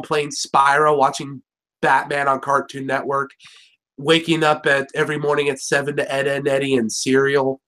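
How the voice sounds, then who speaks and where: A man's voice: a little high, a bit bright. A young man hosting a casual review chat, rambling and joking with plenty of swearing and fillers. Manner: rambling, jokey and profane, full of fillers. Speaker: show host reviewing an episode.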